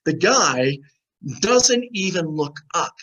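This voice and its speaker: A man's voice: sits high, slow, rough recording. A man, a guest on an interview show, telling a story casually and acting out the other people in it. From United States. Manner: animated anecdote teller, acts out quoted voices.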